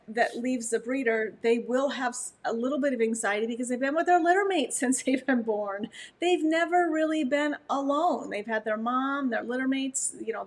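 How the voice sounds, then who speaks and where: Dog breeder, woman, Montana accent, higher register, chatty livestream host who laughs a lot. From Montana, USA. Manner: chatty, laughs often, talks to viewers' comments. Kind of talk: casual livestream chat.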